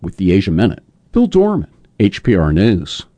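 A man reporting a short scripted news segment in a lively newsreader delivery. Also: sits low, moderate pace, dry recording.

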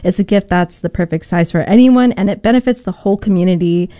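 A woman arts reporter in a radio studio, bubbly as she pitches pledge gifts and reads promo copy. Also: fast talker, warm tone, no echo.

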